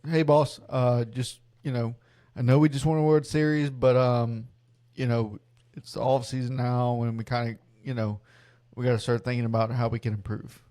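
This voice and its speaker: A man's voice: mid-range voice, little pitch movement, moderate pace, dark tone, close to an everyday voice. A man voicing an eager young male team intern who hedges and fills his talk with ums and you-knows. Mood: hesitant. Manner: hesitant, full of fillers.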